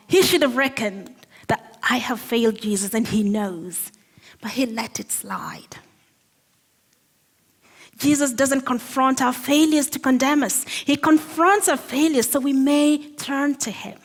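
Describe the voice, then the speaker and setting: A woman preaching a sermon in a church hall, earnest and measured, slowing down on the phrases she wants to stress. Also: sits high. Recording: long reverb of a hall.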